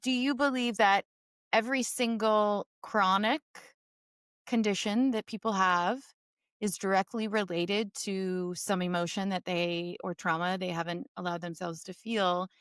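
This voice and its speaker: A woman's voice: medium pitch, fairly even intonation, measured pace, a bit bright, smooth, dry recording, clean studio sound. A woman hosting a podcast interview, affirming her guest as she asks her questions. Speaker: podcast host. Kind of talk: interview conversation.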